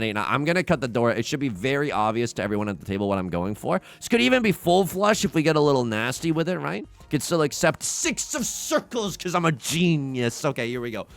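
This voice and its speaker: A young man giving casual, excitable commentary on his own gameplay, talking to viewers and trash-talking opponents. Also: a little high, brisk, gravelly. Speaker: let's play host. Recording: game music underneath.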